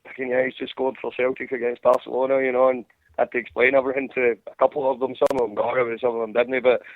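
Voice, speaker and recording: Gravelly Scottish man on a phone line. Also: medium pitch, level tone, fast talker, dry recording. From Scotland. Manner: rambling, profane, many restarts. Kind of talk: casual chat over a call. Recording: tinny phone-line sound.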